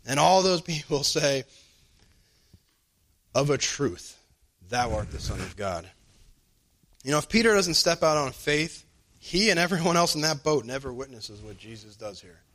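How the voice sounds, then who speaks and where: A man's voice: measured pace, long pauses. Conversational man preaching a sermon. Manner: conversational, acts out quoted dialogue with lively pitch jumps.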